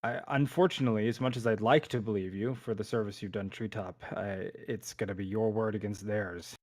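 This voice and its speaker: A man's voice: lowish voice, steady tone, fairly quick, a little mellow, close to an everyday voice. A man putting on a weary female village leader in a tabletop game, who speaks in a hesitant way full of fillers. The voice stays close to his own ordinary speaking voice. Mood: troubled. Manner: hesitant, filler-laden speech.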